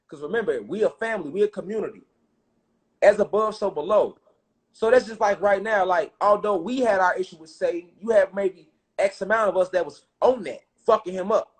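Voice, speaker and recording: A man telling a spiritual story in casual, profane street slang, getting loud and excited at times. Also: high-pitched. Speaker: speaker.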